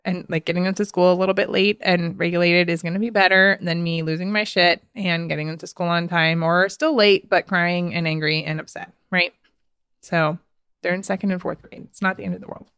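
A woman's voice: lowish voice, fairly even intonation, a little fast, fairly bright tone, smooth, no echo, studio quality. A woman in her thirties, a podcast host, telling a personal story in a casual, chatty way with frequent laughs and fillers. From United States.

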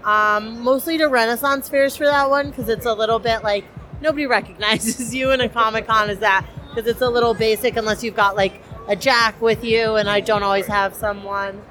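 A woman's voice: a little high, steady tone, moderate pace, a bit bright. A young woman cosplayer, chatty and enthusiastic with many fillers, interviewed at a convention. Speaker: cosplayer guest.

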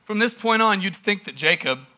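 A male pastor preaching a sermon in an animated way, with dramatic pauses and sudden loud bursts. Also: sits high.

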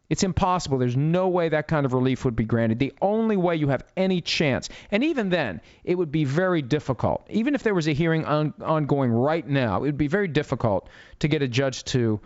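A man's voice: on the high side, no echo. A man giving blunt, emphatic legal commentary with a sarcastic edge. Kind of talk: opinionated commentary. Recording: dull lo-fi dry audio.

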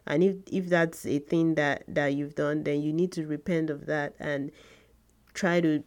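Woman in her 30s doing a faith podcast, lowish voice, slow and earnest. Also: darkish tone. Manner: earnest and slow, with emphatic repetition. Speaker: podcast host.

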